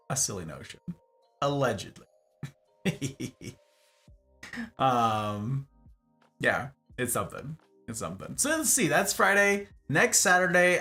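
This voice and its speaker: A hoarse male streamer rambles through a casual end-of-stream chat, his voice rising and falling over a wide, lively range as he plays with words. Faint music runs behind him. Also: medium pitch. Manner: rambling, playful wordplay, grateful. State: hoarse from talking.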